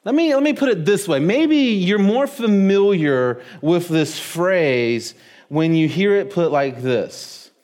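Folksy pastor, slightly high voice. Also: male voice, lively intonation, slow, a little mellow. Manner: folksy storytelling with jokes and audience questions. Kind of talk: sermon. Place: church hall with live audience.

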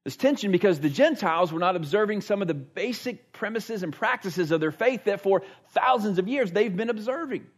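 A man's voice: high voice, expressive, brisk, few pauses. A man preaching a Sunday sermon in a church, earnest and emphatic, repeating words for stress. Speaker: pastor. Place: church sanctuary.

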